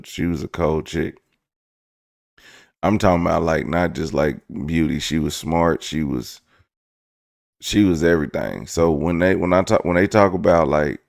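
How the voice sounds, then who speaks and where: A man's voice: sits low, gravelly, a little mellow, dry recording, clean studio sound. A young man hosting a casual storytime vlog, talking loosely and jokingly, now and then mimicking other people's voices. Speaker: vlog host.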